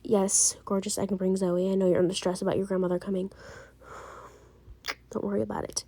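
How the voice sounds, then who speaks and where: A woman voicing a young husband who gently reassures his wife and keeps repeating himself, in an amateur role-play drama. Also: mid-range voice, level tone, brisk, no room sound, voice pushed down, lightly acted. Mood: reassuring. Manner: soothing, insistent, repeats himself.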